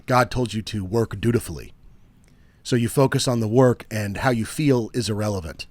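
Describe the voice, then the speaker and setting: A man's voice: on the low side, moderate pace, darkish tone, dry recording. A young man co-hosting a podcast in casual banter, rambling and joking, worn out after being sick. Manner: rambling, joking, trails off with fillers. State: tired. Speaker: podcast co-host.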